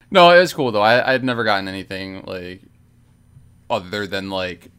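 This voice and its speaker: A man co-hosting a casual gaming podcast, talking in a relaxed way with frequent "like" and quick laughs. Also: fairly low pitch, smooth. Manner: relaxed, laughing, lots of fillers.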